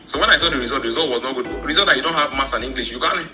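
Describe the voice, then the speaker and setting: A man's voice: medium pitch, very fast, over music, rough recording. A man with a Nigerian accent telling a personal story, rambling and often repeating words. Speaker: church member telling his story.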